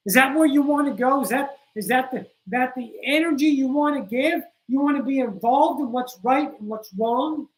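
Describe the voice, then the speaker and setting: A woman with a somewhat high voice gives a spiritual talk on a livestream. She speaks straight to her viewers, blunt and a little profane, hammering her points home by repeating them. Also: moderate pace, hardly any pauses, poor audio. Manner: addresses viewers directly with insistent repetition.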